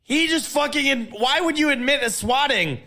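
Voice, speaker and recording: High mocking male voice. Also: moderate pace, pushed and bright. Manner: mocking, profane.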